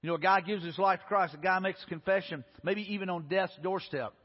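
A man's voice: high-pitched, a little fast. A male pastor, preaching a sermon in an earnest way, often restarting and repeating words. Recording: dull recording in a reverberant hall.

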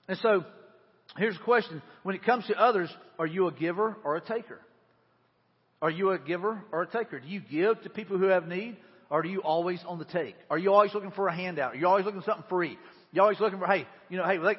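Middle-aged male pastor, high husky voice, rapid-fire sermon of rhetorical questions, dull reverberant recording.

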